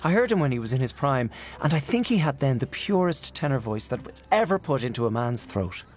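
A man's voice: mid-range voice, big pitch swings, fairly quick, darkish tone, soft background music, voice pushed up, natural voice. A man voicing a proud, enthusiastic elderly aunt in a raised, fluttery voice in a storybook reading. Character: elderly aunt, proud and fond of old singers.

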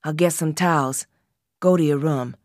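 A woman voicing a teenage boy who speaks with calm, firm authority. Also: deep voice, normal speed, no echo, clean studio sound, natural voice. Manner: steady and authoritative. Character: calm, commanding teenage older brother.

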